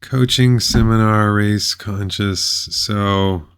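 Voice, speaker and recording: A man's voice: fairly low pitch, steady tone, slow pace, a bit bright, clear, resonant tone. A man reading a web page aloud and commenting on it, with sarcastic, mocking asides.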